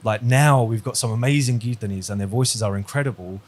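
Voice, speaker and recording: A medium-pitched man speaking a little fast leads an online religious lesson by video call. He keeps things conversational, quizzes his students, and weaves in stories.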